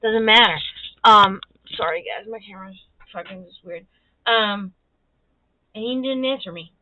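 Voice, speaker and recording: A woman hosts a casual livestream, chatting, telling stories, swearing freely and laughing often. Her mid-range voice is unhurried with a sharp tone, and the recording sounds dry and tinny, like a phone.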